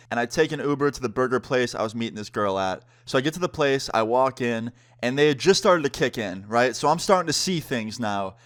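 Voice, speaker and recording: A relaxed young man recounts a wild personal story in a casual storytime style. His voice sits in an ordinary middle pitch, and he slips into quick impressions of the people he quotes. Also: smooth. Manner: laid-back, acts out quotes of friends.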